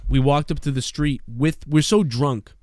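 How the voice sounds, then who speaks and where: A man's voice: on the high side, moderate pace, dry recording, clean studio sound. Profane man telling a bar story. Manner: rambling, profane, animated storytelling. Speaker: podcast co-host. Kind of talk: casual storytelling.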